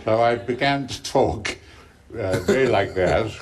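A man's voice: fairly low pitch, expressive, a little slow. A man from Ireland, a talk show guest telling a playful, amused anecdote in an archive television clip with faint noise. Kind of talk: chatty anecdote.

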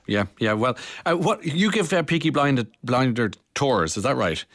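A man's voice: mid-range voice, lively intonation, normal speed, a bit bright, no room sound, studio quality. A man with an Irish accent, hosting a radio interview in a chatty, hesitant way with many fillers. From Ireland. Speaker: radio host.

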